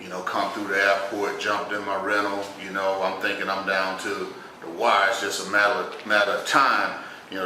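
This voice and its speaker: A man's voice: on the low side, bright, forceful tone. A man telling a comic personal story in a loose, conversational way, peppered with "you know.". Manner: loose, conversational, heavy on 'you know'. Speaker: stand-up comedian. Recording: echoey room, distant mic, faint noise.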